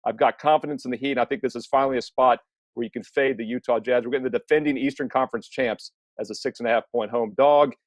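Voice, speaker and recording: A man on a betting panel giving his pick, talking through numbers and trends quickly. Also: medium pitch, fairly even intonation, no room sound. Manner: quick, numbers-heavy, chatty. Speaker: sports handicapper panelist.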